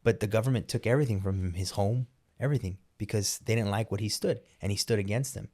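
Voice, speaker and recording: Emphatic low-voiced male podcast host. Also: a little mellow. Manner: emphatic, opinionated, quick restarts. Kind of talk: casual conversational interview.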